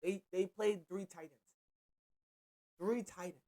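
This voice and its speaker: A man's voice: high-pitched, slow pace. Young man ranting about football. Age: young adult. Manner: animated, profane and repetitive, slangy. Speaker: sports show host. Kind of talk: casual sports commentary rant.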